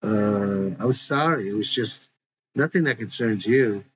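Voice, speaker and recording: A man's voice: fairly low pitch, measured pace, fairly bright tone. A man voicing a laid-back, protective teenage boy who talks casually and reassuringly, in a dull lo-fi recording. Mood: easygoing.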